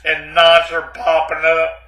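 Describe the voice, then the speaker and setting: A man's voice: fairly high pitch, completely flat delivery, slow pace, pushed and bright, echoey room, poor audio. A man playing a rambling, self-pitying ex-Navy man who stammers and keeps saying "man" in a comic monologue. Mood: agitated. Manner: rambling, repeats "man" and "but anyway", stammers.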